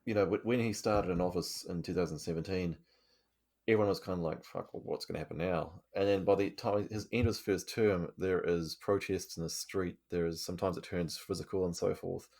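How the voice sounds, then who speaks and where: A man with a very low, gravelly voice in casual podcast chat. His tone is slightly husky, and he talks in an earnest, thoughtful way, swearing now and then. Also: fairly even intonation, brisk, darkish tone. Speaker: podcast co-host.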